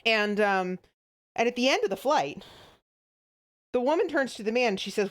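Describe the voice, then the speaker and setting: A woman streamer telling jokes to a live chat, rambling and giggling, with plenty of stops and restarts. Her voice sits a bit high. It swings up and down with lots of life. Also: expressive, normal speed, long pauses.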